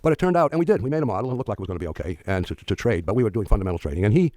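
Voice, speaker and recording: An older man, the founder of a firm, tells halting, rambling stories to an audience, full of restarts and dry humor. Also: lowish voice, animated, a little mellow, no echo. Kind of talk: storytelling talk to an audience.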